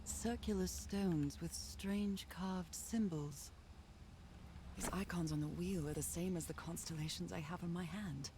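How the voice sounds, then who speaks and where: A woman's voice: lowish voice, unhurried. An actress voicing a curious woman explorer in a video game, thoughtfully musing to herself as she studies ancient ruins. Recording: game audio with background noise.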